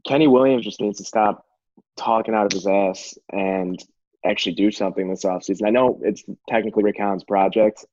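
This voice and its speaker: A man in casual podcast chat, opinionated and quick to murmur agreement. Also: on the low side, fairly even intonation, a little mellow, no echo, lo-fi sound. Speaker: podcast co-host.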